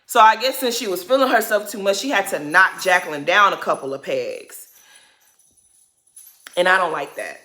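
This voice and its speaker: A woman's voice: fairly low pitch, moderate pace, bright, forceful tone. A woman giving a casual, blunt recap of a reality TV episode, swearing freely and full of slang. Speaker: recap host.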